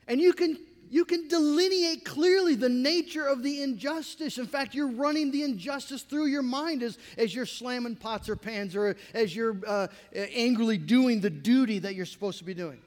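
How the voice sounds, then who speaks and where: High-voiced man preaching in a reverberant hall. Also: measured pace. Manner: conversational and animated, with asides and laughs. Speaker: pastor. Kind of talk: sermon.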